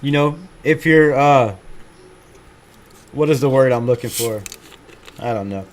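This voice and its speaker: A man's voice: medium pitch, unhurried, a little hiss or hum. A man hosting a fan livestream, chatting casually and reading out viewer comments in a laid-back, swearing, self-mocking way. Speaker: fan channel livestream host.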